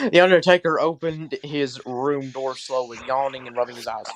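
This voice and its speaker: A man's voice: mid-range voice, steady tone, a little slow, no echo. A man hosting a comedy podcast, reading fan fiction aloud with sarcastic, swearing asides. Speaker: podcast host.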